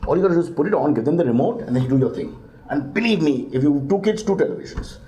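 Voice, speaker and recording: Fast-talking joking man. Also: fairly high pitch. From India. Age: middle-aged. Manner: quick deadpan wisecracks, mock exasperation. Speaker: guest comedian. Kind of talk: joking live interview banter.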